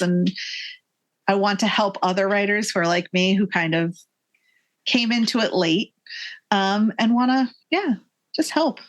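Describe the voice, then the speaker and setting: A woman's voice: medium pitch, moderate pace. A woman in her forties, a guest author in a casual podcast interview, talking with enthusiasm, many fillers and little acted-out quotes. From Massachusetts.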